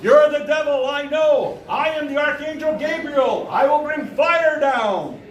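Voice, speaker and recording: A wild-eyed stranger, as a storyteller puts him on, announcing himself as a heavenly rescuer in slow, grandiose proclamations. The voice rides high and loud. It is heard from a distance in a roomy space. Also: male voice. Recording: roomy live sound from far off.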